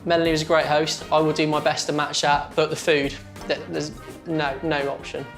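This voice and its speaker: Man bragging about his dinner, cocky, a bit high voice, music faint behind. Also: little pitch movement, moderate pace, fairly bright tone. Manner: boastful, cocky. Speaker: dinner party host, logistics manager. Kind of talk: casual confident talk to camera.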